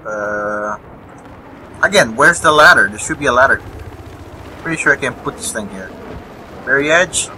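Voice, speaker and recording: A young man gives live gameplay commentary, rambling, swearing and chuckling at enemies as game gunfire, explosions and faint vehicles sound behind him. His mid-range voice is sharp with lively intonation, normal speed and long pauses. The recording is rough, with slight background noise.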